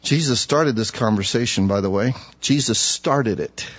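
A man's voice: medium pitch, normal speed, breathy edge. A man preaching an expository sermon, conversational and emphatic, with many rhetorical questions, on a dull recording.

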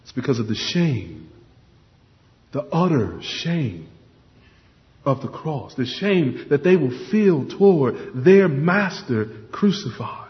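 A man's voice: mid-range voice, very animated, takes it slowly. A man preaching a sermon, earnest and emphatic, often repeating words as he stresses a point. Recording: dull lo-fi sound with long hall reverb.

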